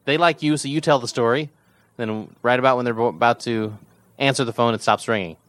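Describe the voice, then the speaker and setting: An easygoing man with a middle-pitched voice chats as a podcast co-host, filling in plot details and dropping in frequent short agreements. His voice sounds dry and close to the mic. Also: brisk, a bit bright, no room sound. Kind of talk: casual chat recapping a TV episode.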